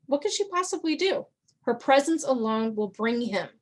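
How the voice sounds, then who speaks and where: A woman's voice: on the high side, expressive, normal speed. A woman reading the lines of a man who mildly questions the danger. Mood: doubtful.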